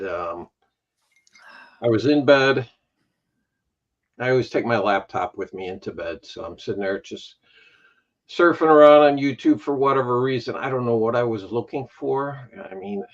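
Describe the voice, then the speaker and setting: A man with a Chicago accent, a guest on a live stream, telling stories in a rambling, self-deprecating way. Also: medium pitch. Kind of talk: casual chat on a live stream. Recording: dull lo-fi stream audio.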